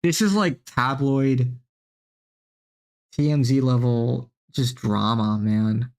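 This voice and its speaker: A man's voice: mid-range voice, slow pace, smooth. A man hosting a live stream, reacting to clips with profane, exasperated rants. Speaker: streamer host.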